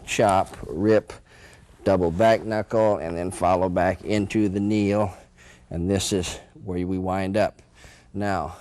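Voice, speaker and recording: A man's voice: low voice, a little mellow. A man teaching martial arts, calling out each move while he demonstrates it indoors and chuckling between counted steps. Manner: calls out moves while performing them. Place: indoor training room.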